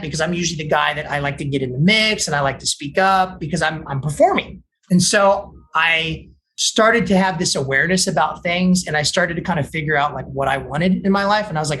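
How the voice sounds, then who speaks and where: Texas guy, recovery counselor, telling his story, does the voices of other people, lots of "like" and restarts. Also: on the high side. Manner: animated storytelling, acting out quoted voices; fillers like "like" and repeated restarts. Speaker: addiction counselor.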